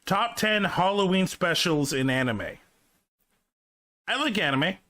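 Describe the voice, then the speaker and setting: A man with a bright, ringing voice, fairly high for a man, reacting casually to a video. He sounds enthusiastic and swears freely as he comments. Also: lively intonation, measured pace.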